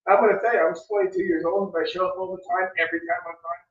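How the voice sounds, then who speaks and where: A man from New Jersey telling an animated story in casual podcast chat. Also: high-pitched, rapid-fire, distant mic. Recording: echoey room, off-mic, dull sound.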